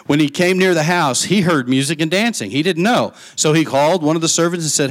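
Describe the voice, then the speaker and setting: Guy preaching, acts out the characters, gets loud and excited then drops to a whisper. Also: a little high, normal speed. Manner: animated storytelling, acting out voices of the parable. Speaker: pastor. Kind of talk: sermon.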